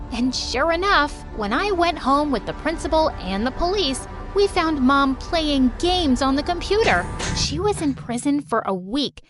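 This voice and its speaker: High-voiced young woman storyteller. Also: a bit bright. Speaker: narrator. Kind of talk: storytime narration.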